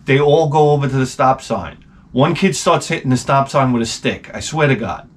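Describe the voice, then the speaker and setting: New guy rambling thru a story, cursing a lot, sarcastic, animated, normal pitch. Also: moderate pace. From New York. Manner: animated, profane, sarcastic asides. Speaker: gaming channel host.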